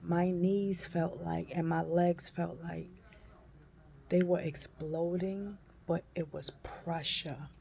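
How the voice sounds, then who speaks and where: A woman in her fifties telling a personal story in a folksy, animated way and calling listeners honey and baby. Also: on the low side, slow pace, creaky. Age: 50s. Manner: animated, acts out her own cries and shrieks. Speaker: vlogger.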